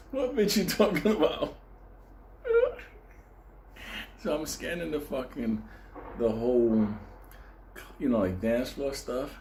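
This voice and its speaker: A man's voice: mid-range voice, a little mellow, a little hiss or hum. Profane, laughing Puerto Rican storyteller man. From Puerto Rico. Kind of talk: casual comedic storytelling. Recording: roomy echo with faint ambience.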